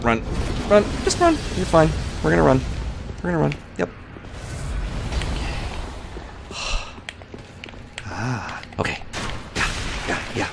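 Male streamer, gravelly voice, lively swinging pitch, jittery panicky commentary, noisy home recording. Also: slow pace, pauses often. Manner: jittery, panicky, talks to himself and the game. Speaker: let's play livestreamer. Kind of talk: live gameplay commentary.

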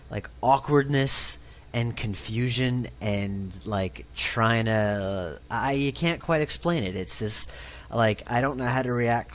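New guy talking over his game, lowish voice, lots of ums and asides, kinda self-deprecating. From New York. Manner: rambling, conversational, self-deprecating. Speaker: game developer. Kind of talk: developer commentary track.

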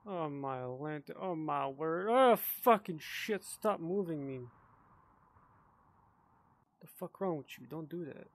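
This VR player's voice is fairly high and slow, with long pauses, and he's tipsy from drinking. He comments casually, swears a lot, blows up in frustration, and mumbles to himself.

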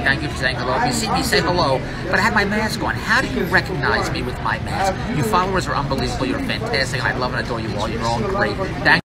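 An older man vlogging on his phone, pitching money tips in a boastful, excitable, repetitive way. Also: quick pace, loud music behind the voice. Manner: boastful, excitable sales pitch, repeats himself, laughs at his own jokes. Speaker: social media entrepreneur. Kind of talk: casual selfie vlog monologue. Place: out and about in a shopping mall and streets.

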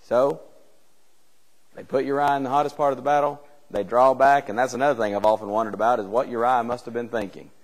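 A man's voice: medium pitch, fairly even intonation, quick pace. A male preacher giving a conversational Bible class, retelling a scripture story with rhetorical questions and reading old-style scripture aloud. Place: church hall. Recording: long church hall reverb.

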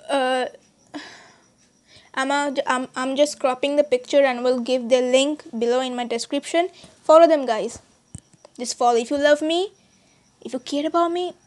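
A woman whose first language is Bengali, chatting casually in a vlog with halting, hesitant speech full of restarts and fillers. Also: sits high, darkish tone. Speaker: channel host.

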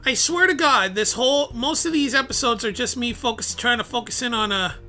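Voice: medium pitch, a little fast, pushed and bright, faint music behind. A vlogger rambling casually while unboxing toys, full of fillers and self-deprecating asides, grumbling at the camera's focus. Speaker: toy unboxing host.

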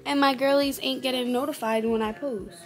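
A woman's voice: high-pitched, steady tone, fairly quick, soft background music. A woman in her twenties vlogging in casual chat, slangy and swearing freely. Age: 20s.

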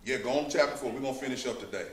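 A man's voice: mid-range voice, very fast, a bit bright. A man teaching a Bible study, speaking in an emphatic, fervent preaching manner. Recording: echoey room, mic at a distance.

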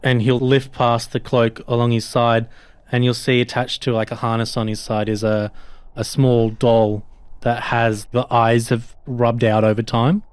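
Casting: easygoing male player, halting and full of "like", dry close sound. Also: medium pitch, level tone, clear, resonant tone, dry recording. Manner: rambling, hesitant, many "like"s. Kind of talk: casual chat.

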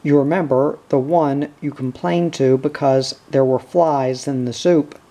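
A man's voice: medium pitch, steady tone, a little slow, dark tone, natural voice. A man voicing an old, grizzled, mild-mannered miner poet who speaks in a teasing way.

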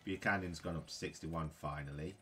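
Deep-voiced frustrated man gaming. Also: moderate pace, pushed and bright, faint music behind. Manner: frustrated, grumbling. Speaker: gaming YouTuber. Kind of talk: casual gameplay commentary.

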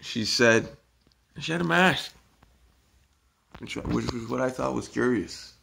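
A man telling a rambling, halting story about his day in a casual monologue, with many restarts and some swearing. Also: medium pitch, creaky, sharp tone, a little hiss or hum.

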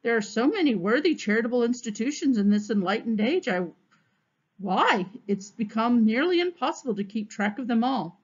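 A woman's voice: on the high side, animated, moderate pace, dull audio. A woman voicing a naive, fussy male policeman in a storybook read-aloud. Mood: flustered.

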